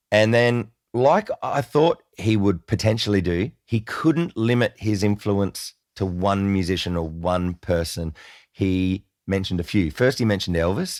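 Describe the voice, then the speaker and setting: A man telling a casual, chatty story to camera, excitable and self-deprecating. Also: sits low, dry recording, studio quality. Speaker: music vlogger.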